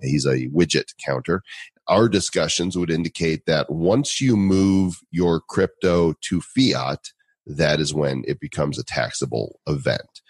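A man's voice: very deep voice, measured pace, slightly rough, dry recording. A man co-hosting a casual podcast, joking and self-deprecating as he talks. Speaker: podcast co-host.

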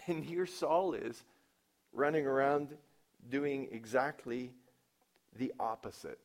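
A pastor preaches a sermon slowly and deliberately, putting questions to his listeners and acting out quoted lines. His delivery swings between loud, emphatic declarations and low, quiet asides.

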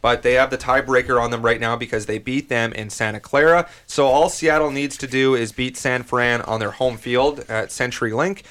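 A man hosting a casual sports debate, pushing back on his co-hosts and walking them through the standings one game at a time. He speaks at an ordinary pitch. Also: steady tone, moderate pace, hardly any pauses, fairly bright tone. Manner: argumentative, lays out standings step by step. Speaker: sports podcast host.

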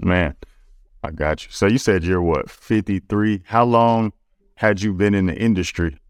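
A man's voice: sits low, unhurried, dry recording, clean studio sound. A man hosting a casual interview, laid-back and slangy, reacting with short remarks. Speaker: podcast host, interviewer.

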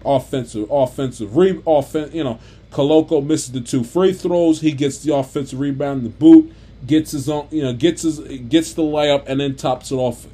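A man's voice: fairly high pitch, normal speed, mellow, breathy edge. A man ranting off the cuff about a basketball game, exasperated and stumbling over restarts and repeats. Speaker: sports commentator. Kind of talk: unscripted basketball rant.

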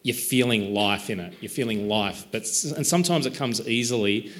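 A man's voice: medium pitch, normal speed, a little hiss or hum. A man talking as an author in an interview, thoughtful and self-deprecating, rambling a little with restarts. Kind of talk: reflective conversational interview.

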